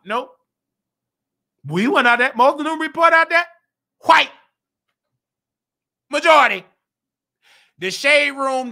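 Animated man hosting a commentary show. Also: high-pitched. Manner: animated, rising to emphatic outbursts. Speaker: show host.

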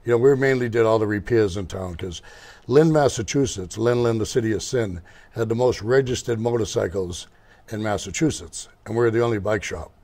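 A man's voice: fairly low pitch, a little fast, darkish tone. An older man who owns a motorcycle shop, telling rambling, digressive stories as a guest in an interview. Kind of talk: casual storytelling interview.

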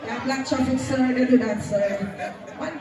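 A man's voice: very high-pitched, steady tone, moderate pace. A man at a sound clash telling stories in patois banter. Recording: very echoey live venue from a distance. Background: music and crowd.

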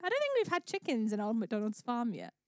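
A woman's voice: a little high, huge pitch swings, fast talker, loud music behind the voice. A woman hosting a charity livestream, chatting bubbly and thanking viewers by name. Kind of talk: live-stream chat.

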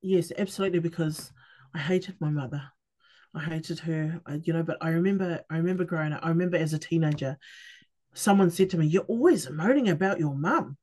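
As a podcast guest, a middle-aged woman with a deep, warm voice and fairly even intonation shares her personal story candidly. She restarts haltingly and acts out the conversations she quotes.

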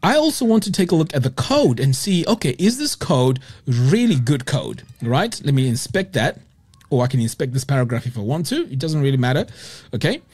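A man teaching web design as he walks through a screen-share software tutorial, explaining each step and checking in with "okay?" often. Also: mid-range voice, sing-song, fairly quick, husky.

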